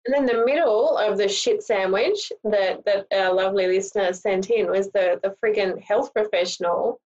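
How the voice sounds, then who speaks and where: A woman's voice: mid-range voice, moderate pace, a little mellow. An Australian woman co-hosting a podcast, talking bluntly and emphatically with plenty of swearing. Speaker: podcast co-host. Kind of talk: casual podcast chat. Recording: dull lo-fi mic.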